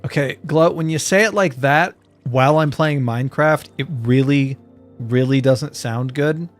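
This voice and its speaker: A man chatting casually with his viewers while he plays, rambling from one joke to the next. His voice sits at an average pitch, and faint game music plays quietly behind him. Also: measured pace. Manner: rambling and joking, talking to chat. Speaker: streamer.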